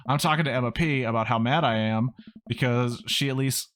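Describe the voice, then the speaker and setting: A man's voice: mid-range voice, a little fast, a bit bright. A male streamer reacting casually to a game, laughing and swearing. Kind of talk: casual gameplay commentary.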